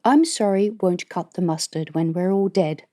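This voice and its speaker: Stern female army colonel, audiobook, measured and grave, lowish mellow voice, read by a woman. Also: lightly acted.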